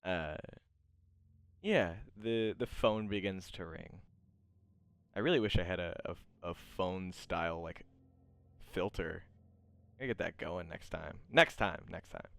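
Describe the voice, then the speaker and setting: A man's voice: low voice, a little slow, creaky, long pauses, fairly bright tone. A man narrating as game master in a rambling, playful way that often interrupts itself. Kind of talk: running a tabletop game.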